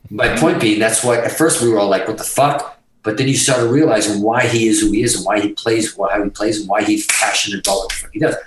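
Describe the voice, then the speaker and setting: Profane, animated man telling stories. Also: medium pitch, roomy sound, recorded from a distance, slight background noise, poor audio. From Massachusetts. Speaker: guest guitarist. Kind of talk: casual storytelling interview.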